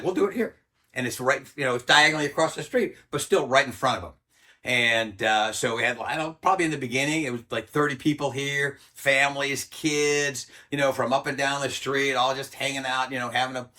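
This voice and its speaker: A man's voice: mid-range voice, pushed and bright. A man, telling a story bluntly in a casual interview, swearing freely and acting out what others said. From United States. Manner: blunt, profane, acts out quoted voices. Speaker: interview guest, former Army Ranger.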